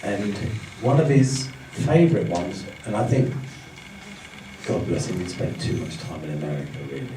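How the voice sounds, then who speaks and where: A man leading a live training seminar on communication, explaining to an audience and acting out fast and slow speech and gestures as he goes. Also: low-pitched, sing-song. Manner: demonstrative, acts out speeds and gestures as he explains. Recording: roomy, distant, faint background hum.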